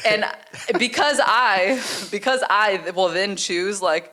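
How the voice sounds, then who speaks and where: A woman's voice: mid-range voice, moderate pace, a bit bright. A woman co-hosting a relationship podcast, arguing her side in a heated, blunt way and swearing freely. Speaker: podcast co-host. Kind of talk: casual relationship debate.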